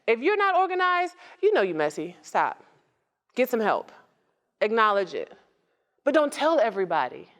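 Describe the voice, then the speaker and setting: A woman speaks to a live audience in a motivational talk, her voice sitting a little high and swinging widely in pitch. She talks like she is chatting, tossing questions at the crowd and joking. She comes across as a nonprofit founder sharing hard-won lessons. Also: normal speed, pauses often. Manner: lively, conversational, asks the audience questions and jokes.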